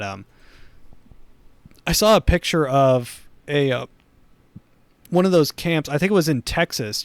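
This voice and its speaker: A man hosting a comedy podcast, delivering a rambling, sardonic monologue full of dark humor. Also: fairly high pitch, smooth, no echo. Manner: sardonic, rambling, dark humor, chuckles at his own jokes. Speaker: podcast host.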